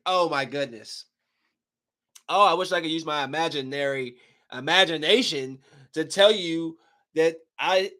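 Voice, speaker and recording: A man with a fairly high voice rambles through a story in casual podcast chat. He talks in an animated, emphatic way, circling back and repeating himself for effect. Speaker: podcast host.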